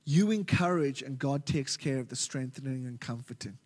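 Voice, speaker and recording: An Australian man preaching a sermon as pastor, animated and joking with his congregation. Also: medium pitch. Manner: animated, jokey preaching with quick asides. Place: large church hall. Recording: reverberant church hall.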